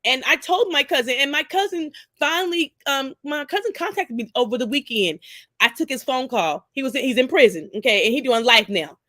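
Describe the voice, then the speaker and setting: A woman's voice: high voice, lively intonation, fairly quick, sharp tone, dry recording. A woman in her forties talking on a discussion panel, emphatic, repeating herself and cursing freely. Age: 40s. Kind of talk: casual discussion.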